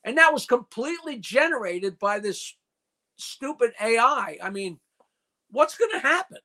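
High bright-voiced older joke-telling man. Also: expressive, moderate pace. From New York. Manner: boisterous storyteller, rattles off dirty jokes. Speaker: comedian guest. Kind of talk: casual call-in chat.

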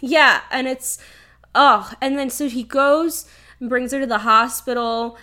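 A woman with a notably high voice chats loosely about a film, piling on "like" and casual swearing. She tells it animatedly, as a co-host riffing with a friend. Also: measured pace. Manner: animated, swears freely, many "like" fillers. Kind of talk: casual chat recapping a movie.

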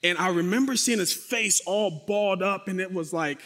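A man's voice: high-pitched, moderate pace. A man telling a dramatic personal testimony, speaking directly to his audience and acting out sound effects. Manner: animated, acts out sound effects and quotes. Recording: long reverberant hall.

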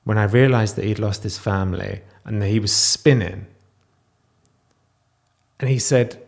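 A man with a somewhat low voice talks straight to camera in a raw video diary. He sounds close to tears. He stumbles, restarts and trails off into quieter stretches as he talks. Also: unhurried, gravelly. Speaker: vlogger.

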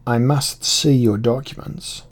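A man doing a pompous calm officer. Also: medium pitch, measured pace, husky.

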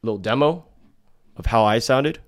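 A man co-hosting a casual talk video, chatty and loose, with lots of "like" and a flat delivery. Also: medium pitch, normal speed. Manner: loose and chatty, heavy use of "like"; calls his own delivery monotone. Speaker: video co-host. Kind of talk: casual chat.

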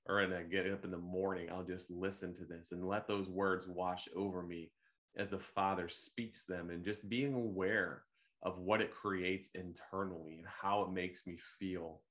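A man hosting a devotional podcast, speaking in a gentle, unhurried, reflective way with occasional fillers and restarts. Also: low-pitched, steady tone. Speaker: podcast host leading devotional meditation.

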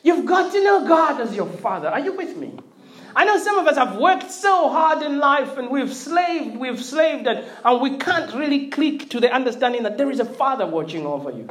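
Here a middle-aged preacher gives a lively sermon, jumping from loud emphasis to near-whispered prayer. Repeated words and frequent checks on the listeners keep it conversational. The voice rings through an echoing church hall. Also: sits high, moderate pace. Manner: animated, swings from loud emphatic to quiet intimate; repeats words, asks the congregation for response. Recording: roomy echo.

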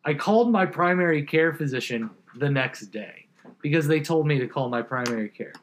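A man's voice: on the high side, lively intonation, moderate pace. A man telling a long, profane story in casual chat, laughing often and rambling through fillers.

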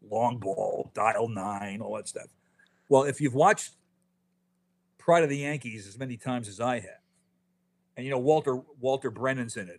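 A man in his fifties spins baseball stories as a guest on a podcast. His voice sits at an everyday middle pitch, and he talks in an animated way, restarting his phrases often. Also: slightly rough. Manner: animated storyteller, quick restarts, frequent "you know". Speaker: author guest. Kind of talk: casual podcast interview.

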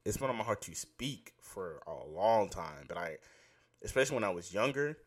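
A young man with a very low voice hosts his own podcast segment. He talks about faith in an excitable, rambling way and keeps interrupting himself. The tone is loose and casual. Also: normal speed.

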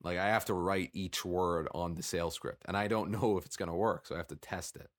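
A man co-hosting a casual business chat over a video call, talking in a reflective, halting way about his sales. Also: low-pitched, fairly even intonation. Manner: reflective, halting, with frequent restarts. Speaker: business owner and podcast co-host.

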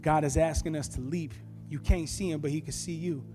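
Lively male preacher, storytelling sermon, high-ish voice in a reverberant room. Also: a little fast. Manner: animated storytelling, bursts of shouting. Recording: long reverb with faint music.

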